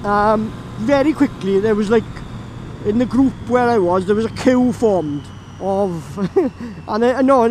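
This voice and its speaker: Riding a moving motorbike outdoors, this motorcycle vlogger from Llanelli in Wales tells a meandering tale in his Welsh accent, laughing frequently. His voice sits high and a little mellow, the audio is poor, and slight background noise comes through.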